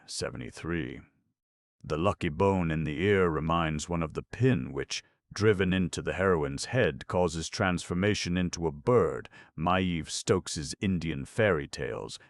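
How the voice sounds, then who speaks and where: A man reading folk tales and scholarly notes for an audiobook, steady and plain. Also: sits low, dry recording. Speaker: audiobook narrator.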